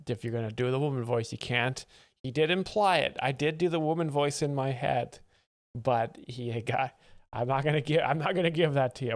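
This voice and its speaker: A man hosting a live stream, making dry, wry commentary over comedy clips. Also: medium pitch. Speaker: host explaining jokes.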